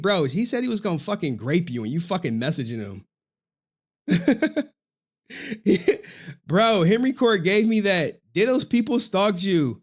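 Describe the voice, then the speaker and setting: A man with a notably high voice rants through a reaction livestream. He talks in an animated, profane way and keeps breaking into laughter. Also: measured pace, long pauses. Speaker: streamer. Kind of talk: reaction stream commentary.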